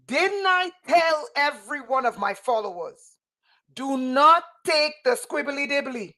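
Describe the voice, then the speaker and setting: Fervent woman, high-pitched and slow. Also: lively intonation. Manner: fervent and emphatic, repeats phrases for emphasis, sometimes shouts. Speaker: spiritual teacher on a livestream. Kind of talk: impassioned livestream talk.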